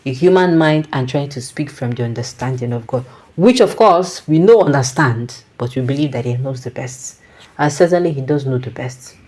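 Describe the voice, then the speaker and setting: Nigerian woman musing out loud, low voice, warm soft tone, drifts into pidgin. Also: normal speed. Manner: reflective, mixes in Pidgin, frequent restarts. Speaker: commentator. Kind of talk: casual commentary.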